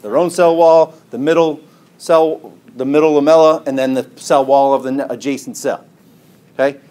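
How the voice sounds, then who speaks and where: A biology lecturer gives a classroom lecture, drawing on a board as he explains, asking questions and answering them himself and tagging lines with "right?" and "okay?". His voice is fairly high, steady, and warm, at a moderate pace.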